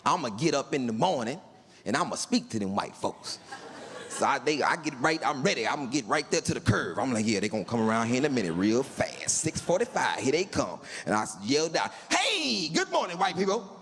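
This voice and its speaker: Animated comedian man telling a story. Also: medium pitch, brisk, in a large hall. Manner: animated, acts out other voices in his stories. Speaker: stand-up comedian. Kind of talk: stand-up storytelling.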